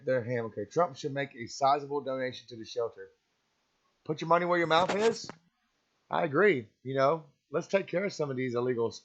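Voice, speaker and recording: Man, stream host, rambling opinionated chat, slightly muffled lo-fi audio. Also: medium pitch. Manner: rambling, opinionated, chuckles often. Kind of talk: casual live-stream chat.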